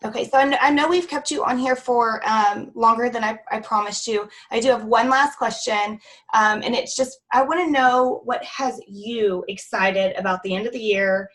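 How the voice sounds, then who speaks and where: A woman's voice: fairly high pitch, moderate pace, a bit bright. Woman host, casual interview, earnest and sincere delivery.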